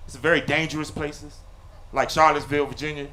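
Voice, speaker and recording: High-voiced man doing live stand-up. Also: level tone, fast, heavy background noise. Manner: loud, punchy delivery with sudden drops to low confiding asides. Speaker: stand-up comedian. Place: comedy theater stage with a live audience. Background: audience laughter.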